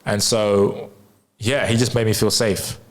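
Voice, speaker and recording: A man's voice: on the low side, level tone, a little slow. A man who coaches health, telling a personal story in a candid, rambling way, with frequent swearing and fillers. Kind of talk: casual personal storytelling to camera.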